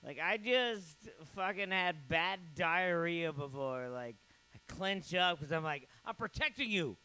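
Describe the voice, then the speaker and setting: A man hosting a comedy night, telling crude rambling stories and introducing the comics, jumping up in pitch for punchlines. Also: takes it slowly, sharp tone, clean tone, poor audio. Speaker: comedy show host. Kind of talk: stand-up hosting.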